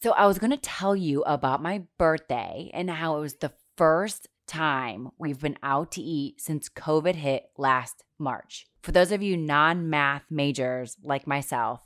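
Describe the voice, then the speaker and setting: A woman's voice: sits low, measured pace, few pauses, fairly bright tone, dry recording, clean studio sound. A woman in her thirties hosting a podcast in casual chat, chatty and self-deprecating, swearing casually. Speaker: podcast host.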